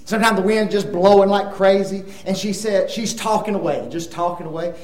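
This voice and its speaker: A man's voice: high-pitched, a little fast, echoey room, rough recording. An older man preaching a Bible lesson, telling stories, acting out dialogue and asking the audience questions. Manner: animated storytelling, acts out dialogue, asks the audience questions. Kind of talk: sermon.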